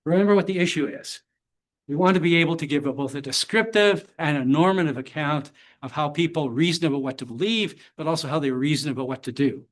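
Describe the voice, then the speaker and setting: A man delivering an academic talk in a measured, explanatory manner, with a voice pitched a little high for a man. He drops in the odd blunt, dry joke without breaking his lecturing tone. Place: lecture hall.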